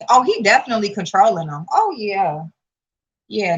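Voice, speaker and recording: A woman channel host gives casual, profane live-stream commentary, blunt and sassy, rising at times to exasperated outbursts. Her mid-range voice is husky and sing-song at normal speed, and the audio sounds dull.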